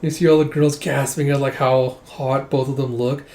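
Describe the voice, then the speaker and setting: A man's voice: medium pitch, level tone, moderate pace, mellow, roomy sound. A man casually retelling a manga chapter, leaning heavily on fillers. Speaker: manga recap vlogger. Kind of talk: casual comic recap.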